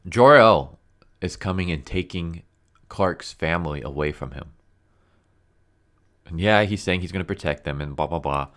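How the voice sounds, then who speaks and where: A man with a very low voice delivers a casual comic book review as a rant. He sounds blunt and exasperated and keeps leaning on fillers like "like" and "you know.". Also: moderate pace, long pauses, fairly bright tone.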